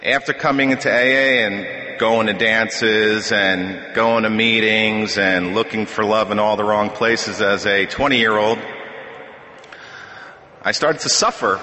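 A middle-aged man tells his story from a podium in a piercingly bright, edgy voice, joking at his own expense as he goes. His words ring out through a big hall with a long, lingering echo. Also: on the low side. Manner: conversational storytelling with self-deprecating humor. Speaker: speaker sharing at a recovery meeting. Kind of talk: personal testimony at a podium. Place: meeting hall. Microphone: podium microphone. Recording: echoey hall with long reverb.

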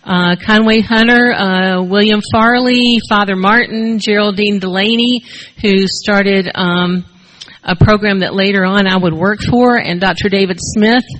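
An older woman sharing her personal story with a group at a recovery meeting, speaking haltingly with many fillers into a shared mic. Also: medium pitch, fairly even intonation, a bit bright, a little hiss or hum, rough recording. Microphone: shared handheld mic.

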